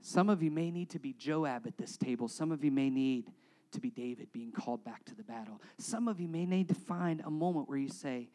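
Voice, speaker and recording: A man preaching as a pastor, guiding a congregation through communion, talking directly to them and swinging from loud urging to hushed prayer. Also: medium pitch, a little fast, poor audio. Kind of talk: sermon leading communion.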